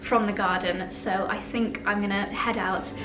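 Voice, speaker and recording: A woman's voice: mid-range voice, steady tone, moderate pace, over loud music. A woman chatting through a casual home vlog tour, gushing with lots of "lovely" and "cozy". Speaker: lifestyle vlogger. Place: indoors at home and in holiday cottages.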